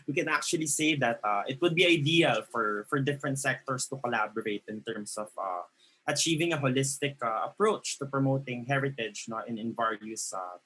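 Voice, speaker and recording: A man's voice: mid-range voice, bright, forceful tone, poor audio. A man moderating an online panel, polite and hesitant, with frequent fillers. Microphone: video call.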